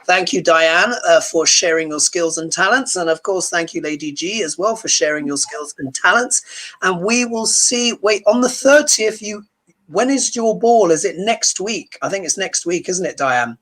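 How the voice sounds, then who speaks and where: A man hosting a casual chat and telling stories in an animated, chatty way. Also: sits high, moderate pace. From Britain. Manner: animated, chatty storytelling with many "you know" fillers. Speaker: host.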